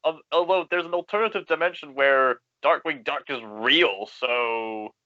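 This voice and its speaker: A man's voice: a little high, a little slow, no echo, muffled recording. A man co-hosting a podcast, chatting casually with playful, mock-formal jokes. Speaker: podcast co-host.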